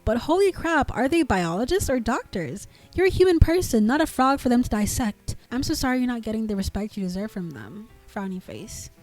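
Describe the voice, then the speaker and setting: Indignant woman narrator, dark mellow voice. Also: mid-range voice. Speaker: narrator reading online posts. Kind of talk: scripted narration of forum comments.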